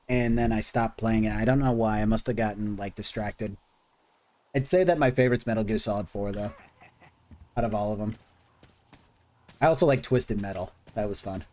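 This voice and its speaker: A man's voice: lowish voice, normal speed, long pauses, darkish tone. A man streaming a video game, chatting casually with viewers and thinking aloud as he plays. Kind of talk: casual gaming commentary.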